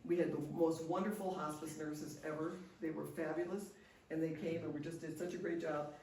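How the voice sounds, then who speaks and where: A woman's voice: low voice, steady tone, brisk, warm tone, a little hiss or hum. An older woman speaking at a seminar, sharing personal stories in an earnest way with frequent restarts. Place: seminar room. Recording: echoey room, distant mic.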